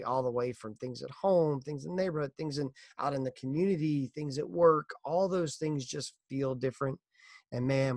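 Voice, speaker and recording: A man's voice: medium pitch, creaky, dry recording, studio quality. A middle-aged man hosting a casual motivational podcast, earnest and encouraging as he speaks straight to listeners. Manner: earnest, encouraging, tells a corny joke. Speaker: podcast host.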